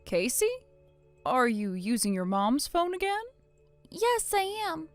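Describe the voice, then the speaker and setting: A woman voicing a calm, shrewd grandmother who soothes a child and needles her son-in-law. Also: high voice, a little slow, dry recording, soft background music. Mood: caring.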